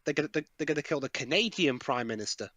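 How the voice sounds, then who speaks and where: A man from Britain with an expressive, up-and-down delivery, cutting in with dry jokes and complaints about the film. His voice is close and dry. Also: a little high, fast talker, dry recording. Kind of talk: casual movie commentary.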